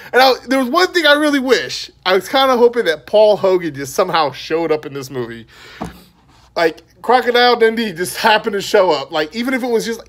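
Male podcast host, slightly high voice, casual and meandering review monologue. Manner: rambling and conversational.

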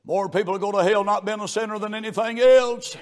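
A man preaching a revival sermon, fervent and building to shouts. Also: sits high, steady tone, a little fast.

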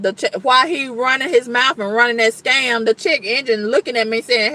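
A woman's voice: on the high side, moderate pace, few pauses, bright, forceful tone. A woman venting to the camera in a blunt, emphatic, colloquial way, with repeated exclamations and exasperated storytelling. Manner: colloquial, blunt talk with cussing. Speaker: vlogger.

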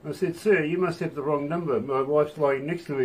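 A man's voice: a little high, fairly even intonation, fairly quick, darkish tone, distant mic, low-quality recording. A man hosting a radio interview, chatting casually and joking, laughing often, in a radio studio. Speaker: radio host.

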